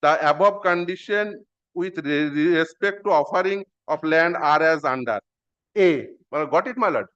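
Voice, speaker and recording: A man's voice: on the high side, normal speed, fairly bright tone, clean tone. Man arguing in court. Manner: formal, deferential, repeats "my lord" often. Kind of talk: courtroom argument. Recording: muffled live-stream audio.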